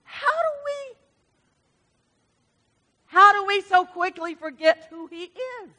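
A woman preaches with lively, emphatic storytelling and punchy asides. Her voice sits high and comes across bright and forceful. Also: slow pace. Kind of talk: sermon.

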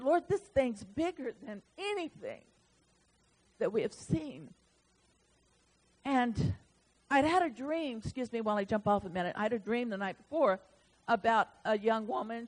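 A woman preaching a sermon, telling a story and then building up to loud, fervent proclamation. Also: a little high, rough recording.

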